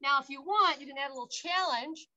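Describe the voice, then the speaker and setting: A woman's voice: high-pitched, quick pace, bright, forceful tone, lo-fi sound. A woman park guide leading an outdoor workout, upbeat, counting reps aloud and cheering, a little out of breath. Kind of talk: instructional exercise demonstration.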